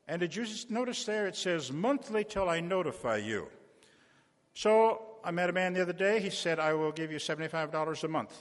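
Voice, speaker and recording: A man's voice: on the high side, fairly bright tone. A man preaching as a visiting pastor, making a folksy fundraising appeal to a church congregation with little stories and direct requests. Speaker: visiting preacher raising funds. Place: church sanctuary. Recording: long church reverb.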